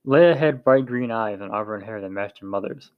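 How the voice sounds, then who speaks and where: A man's voice: on the low side, normal speed, no room sound. Man reading a novel aloud, dull sound. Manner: plain reading with small slips and restarts. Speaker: narrator.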